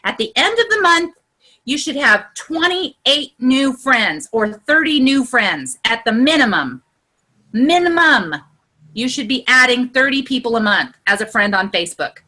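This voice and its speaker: A woman with a high, bright voice that swings widely in pitch teaches a group over a video call. She talks in a chatty, exclamatory way, full of "look" and "you know", and her voice shoots up when she gets excited. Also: a little slow. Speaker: trainer leading an online group session. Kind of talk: casual instructional talk.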